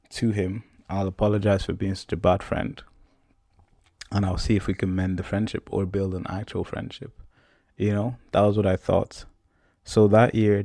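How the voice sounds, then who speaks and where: A man's voice: lowish voice, gravelly, no echo, studio quality. A young man in his twenties, a podcast host, telling a personal story in a casual, repetitive way. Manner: casual, repetitive, animated retelling.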